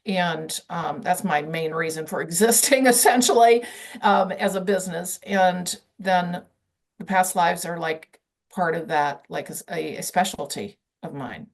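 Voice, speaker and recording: A woman guest on an interview, telling her story in a casual, animated way with lots of "you know" fillers. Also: lowish voice, measured pace, vocal fry. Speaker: guest, past life channeller.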